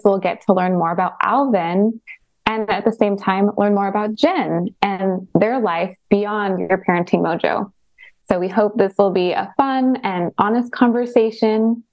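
A woman co-hosting a casual podcast conversation, speaking in a friendly, measured way. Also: mid-range voice, steady tone, darkish tone. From Portland, Oregon. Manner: friendly, measured, a bit scripted. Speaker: co-host asking questions.

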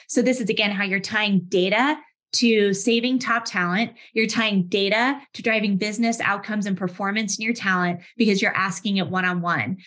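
A woman in her thirties, a head of HR, speaking conversationally in a webinar with lively anecdotes and frequent restarts. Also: medium pitch, normal speed. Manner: animated, restarts often, vivid everyday anecdotes. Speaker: head of HR, session host.

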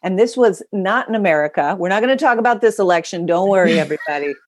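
A woman guest on an interview, a public speaker explaining her talk with animated, dramatic storytelling. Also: mid-range voice, fast, no room sound, clean studio sound.

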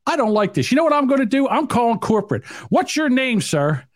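Man playing a fussy customer, high, lively, whiny and indignant, dry sound. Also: measured pace, no echo. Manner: whiny, indignant, rising pitch. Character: fussy indecisive male drive-thru customer.

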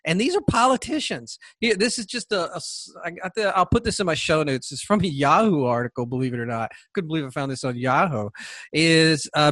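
A man's voice: fairly high pitch, fairly bright tone, dry recording. A man hosting a solo political commentary podcast, talking with sarcasm and mocking asides. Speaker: podcast host.

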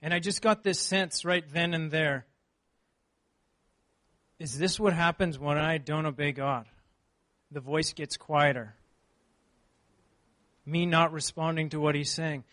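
A man preaching a sermon, reading scripture and then telling a personal story in an earnest, animated way. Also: on the high side, a little slow, pauses often.

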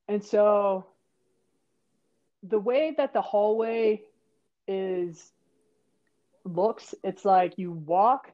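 Woman telling an animated story, mellow voice. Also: muffled recording. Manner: animated, acts out quotes with jumps in pitch. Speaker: guest. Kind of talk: casual storytelling.

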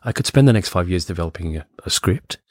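A man's voice: sits low, expressive, quick pace, no echo. Aussie producer guy rambling thoughtfully, sort of, you know, dry studio mic. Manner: musing, many fillers and restarts. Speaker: guest, film producer. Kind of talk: casual interview chat.

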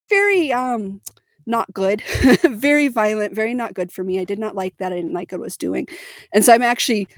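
A woman's voice: medium pitch, no echo. Candid woman telling her story, dry sound. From Missouri, United States. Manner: candid and emphatic, with laughs and fillers. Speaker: podcast co-host. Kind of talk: personal storytelling in a podcast chat.

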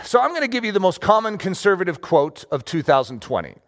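Male pastor, sermon; high voice that swings widely, casual and animated, keeps asking "okay?". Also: fast. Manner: animated, conversational, checks in with "okay?".

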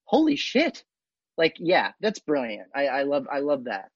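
A man's voice: mid-range voice, lively intonation, normal speed, no echo. A man in a casual podcast chat, a comedian who tells stories animatedly and acts out little voices. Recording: dull dry lo-fi mic.

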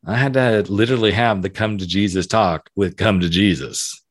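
A man's voice: on the low side, moderate pace, no room sound. Candid fifty-something man, dry close sound. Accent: Southern American. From southern United States. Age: 50s. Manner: candid, conversational, emphatic repetitions. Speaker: podcast host. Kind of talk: reflective podcast monologue.

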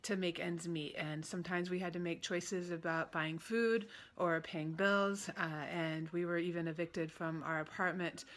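A woman in her forties, a pastor, giving earnest, measured remarks at a teach-in. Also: on the low side, steady tone, a bit bright. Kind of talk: prepared public remarks.

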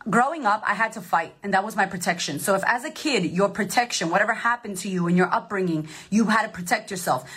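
A woman life coach giving a casual motivational monologue, emphatic and profane, with animated delivery. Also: medium pitch, slightly rough.

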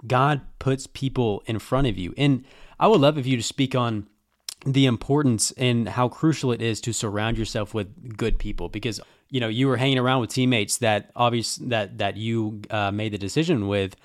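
A male podcast host asking earnest, reflective questions with halting starts. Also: medium pitch, fairly even intonation, dry recording. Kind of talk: casual interview.

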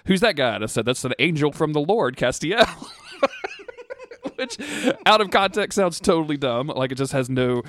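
A young podcast co-host tells a story in casual chat, animatedly acting out the quotes. His voice is fairly high and moves at a moderate pace.

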